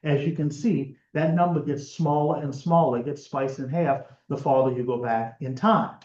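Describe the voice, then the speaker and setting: A man's voice: fairly high pitch, steady tone, normal speed, darkish tone. Man lecturing in a roomy, muffled room. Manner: conversational, explanatory, with frequent fillers and restarts. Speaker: genealogy presenter. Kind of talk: lecture presentation.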